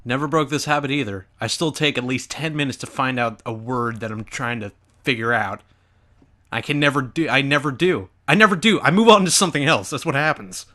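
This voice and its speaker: A man's voice: medium pitch, a little fast, pushed and bright. A young man hosting a gaming channel, giving rambling, self-mocking commentary over an old video of himself.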